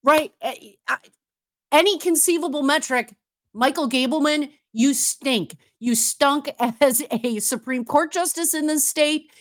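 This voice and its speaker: A woman's voice: sits high, a little slow, a bit bright, no echo, clean studio sound. A woman hosting a political talk radio show, emphatic and sarcastic.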